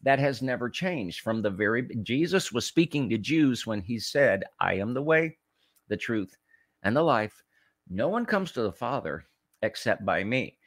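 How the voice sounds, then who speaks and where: A man hosting a talk program, reading scripture and preaching commentary in an emphatic way, often restarting and repeating words and slowing down to stress key phrases. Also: medium pitch, big pitch swings, no room sound, clean studio sound. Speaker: host of a political talk show.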